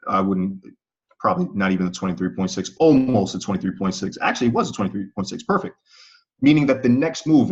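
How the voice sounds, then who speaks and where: A man teaching price-action trading in a live online webinar, talking conversationally and often checking in with his viewers. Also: lowish voice. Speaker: trading instructor. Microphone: online call audio. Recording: slightly muffled call audio.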